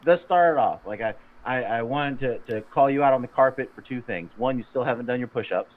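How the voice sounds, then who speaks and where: A man co-hosting a fitness podcast, gruff and teasing, rambling with restarts. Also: medium pitch, brisk. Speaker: podcast co-host. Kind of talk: casual podcast chat. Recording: tinny phone-like sound.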